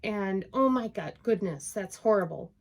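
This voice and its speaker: A woman with a Minnesota accent co-hosts a craft chat show, gushing with enthusiasm in casual talk about cross-stitch. Her mid-range voice has lively intonation and a moderate pace.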